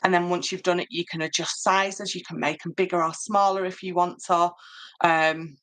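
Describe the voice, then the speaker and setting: Middle-aged Yorkshire woman, lower pitch, bright tone, casual live craft demo, chatty with ums. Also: little pitch movement, moderate pace. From Yorkshire, England. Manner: chatty, reads out and answers viewer comments, many ums. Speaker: papercraft tutor on a live stream.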